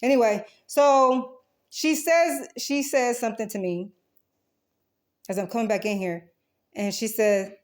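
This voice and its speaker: A woman's voice: on the high side, steady tone, a little slow, long pauses. Woman rambling through a defensive account. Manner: rambling, defensive, swears, many restarts. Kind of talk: recorded account of a dispute.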